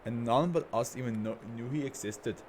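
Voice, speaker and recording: A man's voice: mid-range voice, moderate pace, darkish tone, slight background noise, close to an everyday voice. A man voicing an arrogant male tycoon who is a brain in a jar, speaking in a grandiose, contemptuous way. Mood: haughty.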